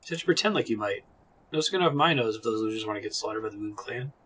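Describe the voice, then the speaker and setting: A man's voice: on the low side, animated, fast talker, a bit bright, breathy edge. A man voicing a rude, mocking male sailor while reading game dialogue aloud. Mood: scornful.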